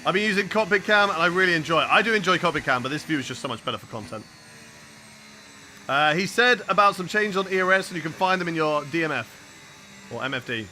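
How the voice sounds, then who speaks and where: A young man with a high, bright voice livestreams a racing game, talking straight to chat while he calls each corner. Faint engine noise from the game hums under his voice. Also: expressive, quick pace. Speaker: streamer. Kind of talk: live gameplay commentary.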